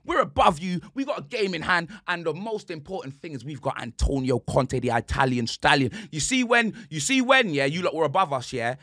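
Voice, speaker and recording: Guy going off on football banter, high voice all over the place, loads of slang. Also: brisk, hardly any pauses, no room sound, studio quality. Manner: animated trash talk full of street slang, bursts of shouting. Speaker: podcast co-host, football fan. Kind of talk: sports banter podcast.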